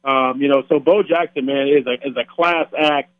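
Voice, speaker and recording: A man guest on a sports radio show, talking in a relaxed, rambling way with many fillers over the phone. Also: mid-range voice, normal speed, no echo. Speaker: guest on sports radio, former football player. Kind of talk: casual phone interview. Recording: tinny phone line.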